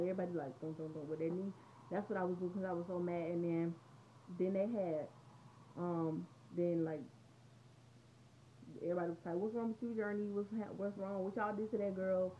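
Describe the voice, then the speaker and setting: A woman's voice: lowish voice, a little hiss or hum. A teenage girl rambling through a casual storytime vlog at home, chatty and conversational. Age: teens. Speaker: vlogger. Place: room at home. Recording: dull lo-fi home recording.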